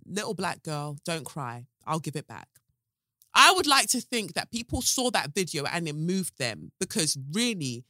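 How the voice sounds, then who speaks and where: A young woman hosting her own podcast, ranting bluntly and sarcastically, swearing freely and swinging between loud jabs and hushed asides. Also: on the low side, dry recording, clean studio sound. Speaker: podcast host. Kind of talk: animated solo podcast rant.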